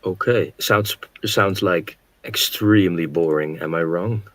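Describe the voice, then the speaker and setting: A very deep-voiced young man of eighteen from the Netherlands speaks on a voice chat. He keeps his replies short and laid-back, with friendly slang. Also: a little slow, fairly bright tone, dry recording. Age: young adult. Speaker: participant in a voice chat. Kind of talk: casual voice chat.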